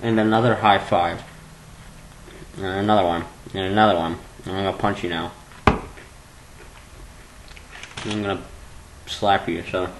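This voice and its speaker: A man rambling goofily in a webcam vlog at home at his computer, jumping between low mumbling and sudden squeals. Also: fairly even intonation, unhurried, long pauses, noisy background. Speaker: vlogger.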